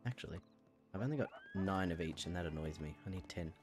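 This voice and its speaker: Chatty man, lively pitch. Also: fast, over music. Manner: rambling, chatty, laughs often. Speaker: game streamer. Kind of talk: casual out-of-character chat while playing.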